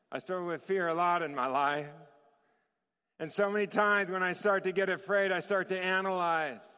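A man preaching a sermon as a story, lively and chuckling often, acting out the voices in his story. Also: high-pitched, normal speed, clear, resonant tone, big-room sound. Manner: lively, chuckles often, acts out quoted dialogue.

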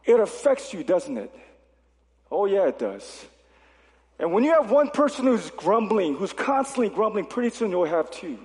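A male pastor preaching a sermon in a lively, conversational way, with jokey asides to the congregation. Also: very high voice. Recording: long reverb of a large hall.

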